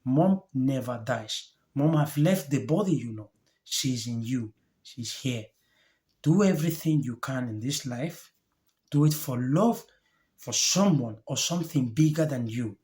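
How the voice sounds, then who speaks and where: A male life coach talks straight to camera in a reflective motivational monologue, his voice at an ordinary middle pitch. He speaks earnestly and gently, in short halting phrases with pauses between thoughts, openly moved and heartfelt. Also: animated.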